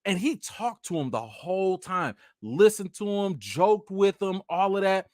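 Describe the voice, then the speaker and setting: A man hosting a casual live chat, telling stories in an animated way and talking to his viewers as "y'all". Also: high-pitched, unhurried, dry recording, studio quality. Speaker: channel host.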